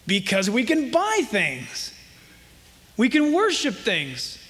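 High-voiced preaching man in a hall. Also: wildly swooping pitch, a bit bright. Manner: impassioned preaching with emphatic drawn-out quotations. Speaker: pastor. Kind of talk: sermon.

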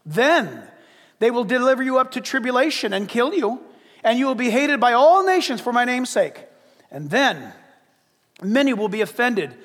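A pastor with a high voice delivers a dramatic sermon in a church sanctuary, swinging between loud and hushed. The large hall gives his voice a long reverb.

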